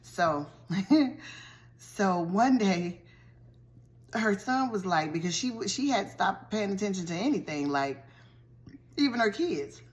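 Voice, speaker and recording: A woman vlogger recaps a TV show's storyline in a casual, gossipy way. She is animated and colloquial, often addressing the listener directly with slangy asides. Her voice sits in a middle pitch range. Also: slow pace, pauses often. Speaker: vlogger reviewing a TV show.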